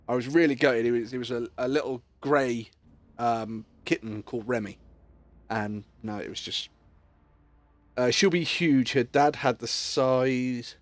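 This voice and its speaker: A man's voice: medium pitch, no echo. Guy streaming games, rambly and sweary, tells long stories, really dry close sound. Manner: rambling storyteller, swears freely, chuckles. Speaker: game streamer. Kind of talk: casual live-stream chat.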